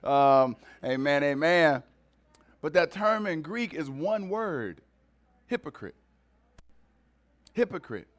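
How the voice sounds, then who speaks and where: A man's voice: a little high, takes it slowly. A man preaching a sermon to his congregation, talking in a conversational way and repeating words for emphasis. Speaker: pastor.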